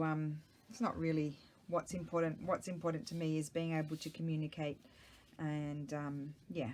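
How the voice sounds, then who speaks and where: A middle-aged woman with a low voice chats loosely as she works on a craft project, thinking aloud and wandering off topic. She talks into a small microphone at home, with a faint hiss behind her. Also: a little mellow. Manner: chatty, rambling, talks to herself while working. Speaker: craft vlogger. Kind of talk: casual chat while crafting.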